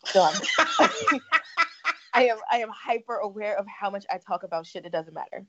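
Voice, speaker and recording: A woman co-hosting a casual chat podcast, telling a story with lively asides and acting out the people she quotes. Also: medium pitch, moderate pace, muffled recording, very noisy. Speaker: podcast co-host.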